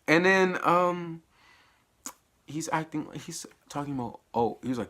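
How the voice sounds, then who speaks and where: A man at home giving a slangy, animated spoken recap of a TV episode, dropping to low mutters and jumping to high exclamations and laughing often. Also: moderate pace, pauses often. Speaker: TV episode reviewer. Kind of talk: casual spoiler recap.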